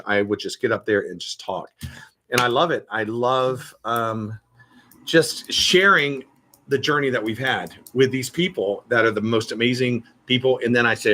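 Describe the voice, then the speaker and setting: A man chatting casually on a live stream, telling stories with playful, animated energy. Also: medium pitch, moderate pace, a little hiss or hum. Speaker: show regular and guest voice actor.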